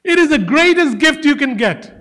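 A man's voice: very high-pitched, lively intonation, normal speed, pushed and bright, big-room sound. A male preacher giving a sermon, emphatic, repeating key phrases and calling his listeners guys.

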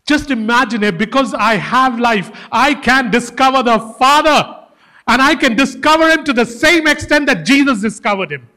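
A man's voice: extremely high pitch, lively intonation, moderate pace, bright, forceful tone, in a large hall. A male preacher giving a sermon, emphatic, repeating key phrases and calling his listeners guys.

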